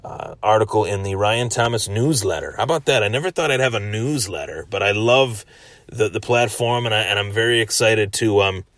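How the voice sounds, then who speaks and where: A man's voice: on the low side, fairly quick, fairly bright tone, no echo. A man hosting a solo sports podcast, giving a chatty recap that often repeats and restarts phrases. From Western New York.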